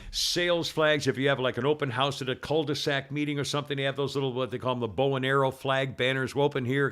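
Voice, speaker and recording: A man's voice: mid-range voice, a bit bright, clear, resonant tone. A man hosting a talk radio show, rambling and sarcastic, often mocking people in put-on quotes. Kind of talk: casual talk radio chat.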